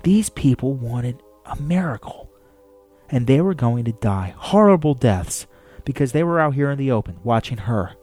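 A man reading a novel aloud in a steady storytelling manner. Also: medium pitch, normal speed, faint music behind. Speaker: audiobook narrator. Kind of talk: scripted narration.

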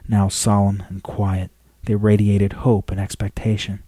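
A man reading a novel aloud in a steady storytelling manner. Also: on the low side, unhurried, background noise. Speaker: audiobook narrator. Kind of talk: scripted narration.

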